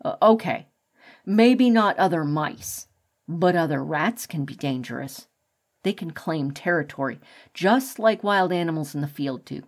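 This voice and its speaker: A woman's voice: low-pitched, expressive, measured pace, heavily acted. A woman voicing an adult male rat, a protective father who lectures the others sternly.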